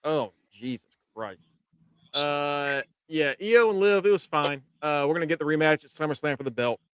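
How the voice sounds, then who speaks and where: A man's voice: on the high side, animated, moderate pace, clear, resonant tone, dry recording. A man co-hosting a casual wrestling podcast, running through results in a laid-back way with casual swearing. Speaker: podcast co-host. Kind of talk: casual wrestling recap chat.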